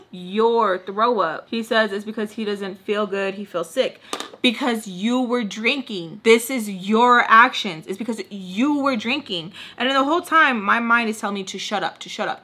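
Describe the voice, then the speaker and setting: A young woman telling a storytime tale in casual chat, animated and exasperated, filling her talk with "like". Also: medium pitch. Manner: animated, exasperated, heavy use of "like". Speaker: vlogger.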